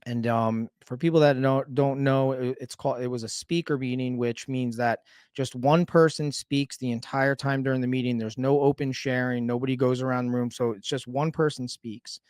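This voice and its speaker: Male sobriety coach, mid-pitched and casual, candid storyteller who swears now and then, dry close recording. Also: steady tone, moderate pace, few pauses, darkish tone, clear, resonant tone, no echo. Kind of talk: personal recovery story told in conversation.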